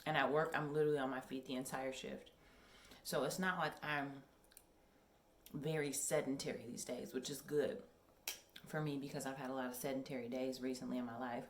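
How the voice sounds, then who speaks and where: A woman's voice: extremely low pitch, steady tone, brisk, roomy sound, slight background noise. A young woman in casual vlog chat at home, rambling and chatty with many ums. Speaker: vlogger. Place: home workout room.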